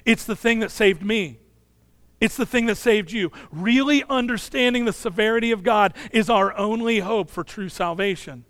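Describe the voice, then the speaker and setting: A man in his thirties, a pastor preaching a sermon in an earnest way, dropping soft and low on key phrases. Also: normal speed, no echo.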